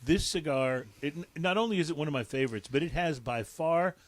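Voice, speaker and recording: A man hosting a casual podcast, relaxed and enthusiastic as he talks about cigars and spirits. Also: fairly high pitch, fairly quick, no echo. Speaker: podcast host. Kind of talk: casual tasting talk.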